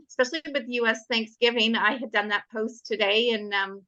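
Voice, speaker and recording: A woman's voice: medium pitch, fairly even intonation, brisk, hardly any pauses, sharp tone, dry recording, lo-fi sound. A woman on a casual group call, upbeat and enthusiastic as she explains. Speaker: participant on a product call.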